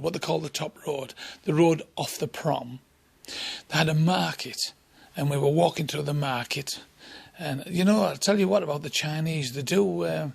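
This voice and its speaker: Bawdy comedian in his sixties, husky and fairly high-voiced, spins blunt anecdotes. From England. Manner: blunt, bawdy, chuckling raconteur. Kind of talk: anecdotal storytelling in an interview.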